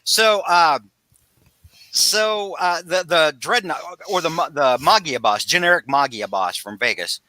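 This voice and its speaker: A man hosting a casual podcast, recapping a comic book in a rambling, animated way with frequent restarts. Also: on the high side, unhurried, dry recording. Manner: rambling, animated, self-interrupting storyteller. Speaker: podcast host.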